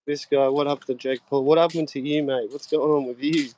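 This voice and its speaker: A man's voice: medium pitch, steady tone, brisk, darkish tone. A young Australian man in casual chat on a live stream, laid-back, laughing often and swearing freely, talking into his phone. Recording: faint noise and clicks.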